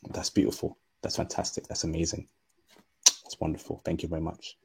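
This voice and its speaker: A man hosting a livestream, speaking slowly and deliberately with a non-native English accent. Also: rumbling low, monotone, vocal fry, dark tone, slightly rough. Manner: slow, deliberate speech. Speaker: livestream host. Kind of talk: casual livestream talk.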